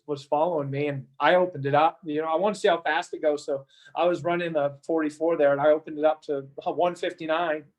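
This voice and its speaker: A man being interviewed, telling a story casually with frequent restarts and repeated words. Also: a little high. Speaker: interview guest.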